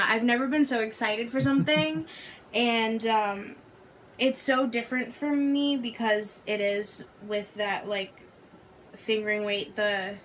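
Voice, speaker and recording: A woman's voice: fairly high pitch, fairly bright tone, slight background noise. A young woman fresh out of college, a podcast guest, chatting casually and hesitantly with many fillers. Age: young adult. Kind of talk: casual chat.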